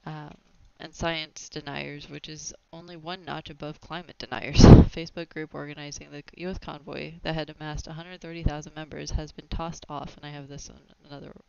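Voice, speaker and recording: A woman hosting a casual opinion podcast, animated and opinionated, often laughing as she talks. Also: sits low, fairly quick, creaky, few pauses, clear, resonant tone. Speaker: podcast host. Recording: dry, slightly dull lo-fi sound.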